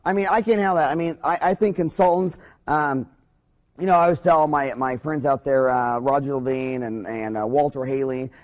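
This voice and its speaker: A man's voice: mid-range voice, moderate pace, darkish tone. A man in his forties, a dentist, giving a blunt, profane business talk full of stories and emphatic punchlines. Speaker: dentist and speaker.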